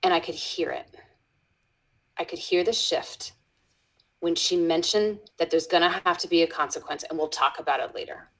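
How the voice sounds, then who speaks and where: Soft-spoken woman telling a classroom story. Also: lowish voice, normal speed, rough recording. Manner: drops into soft whispers when quoting, frequent restarts. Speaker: educator guest. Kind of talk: storytelling in a conversational interview.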